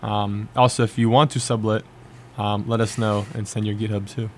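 Young guy on a college radio show, lowish monotone voice, loose rambly chat full of likes. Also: moderate pace, a little hiss or hum. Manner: rambling, filler-heavy, lots of "like". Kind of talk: casual chat.

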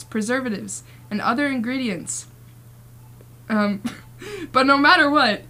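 Young female college radio co-host, somewhat high voice, keeps giggling through her scripted read. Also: a bit bright. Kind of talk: reading a radio announcement. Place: radio studio.

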